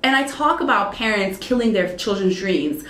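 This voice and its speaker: A woman in her thirties talks casually as an interview guest, spinning animated stories and slipping into the voices of the people she quotes. Her voice sits in a middle register and carries a roomy echo. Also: mid-range voice, normal speed. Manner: animated storyteller who acts out quoted dialogue. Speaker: radio and TV personality, interview guest.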